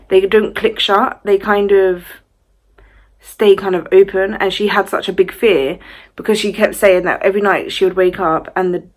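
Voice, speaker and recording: A young woman, casually telling a personal ghost story to her channel, full of "like" and animated retelling. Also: lowish voice. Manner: chatty, fillers of "like", animated retelling. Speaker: vlogger.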